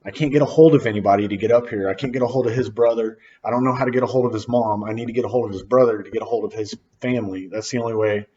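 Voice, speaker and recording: A man telling a personal story in casual slangy speech, acting out quoted lines with sudden loud outbursts. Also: fairly low pitch, steady tone, rapid-fire, hardly any pauses, dull audio.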